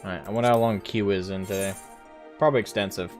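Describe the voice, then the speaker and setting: A man's voice: fairly low pitch, fairly even intonation, fast talker, soft background music. A man streaming a game live, chatting casually and rambling to his viewers.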